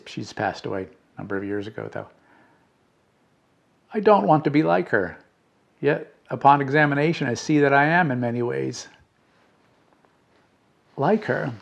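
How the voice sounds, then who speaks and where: A middle-aged man reading out letters and reflecting, in a slow, halting way with fillers and restarts. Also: mid-range voice, vocal fry. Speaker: spiritual podcast host.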